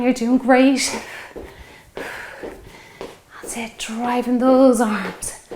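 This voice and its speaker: A fitness instructor in her 50s leads a home workout, coaching encouragingly while she exercises and sounding a bit out of breath. Her voice is medium-pitched and darkish, with a little hiss or hum behind it.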